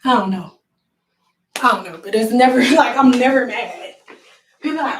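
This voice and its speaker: A woman's voice: on the high side, normal speed. Blunt woman chatting on a livestream. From Detroit, USA. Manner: blunt, straight-talking, chatting back to viewers. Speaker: hair stylist livestreaming. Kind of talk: casual livestream chat while working. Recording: echoey room, mic off at a distance.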